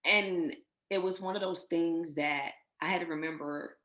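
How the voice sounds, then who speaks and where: A woman's voice: lowish voice, fairly even intonation, normal speed, fairly bright tone. A woman guest telling her personal infertility story in an interview, emotional and full of faith, often quoting what others said. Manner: emotional, faith-filled, retells others' words.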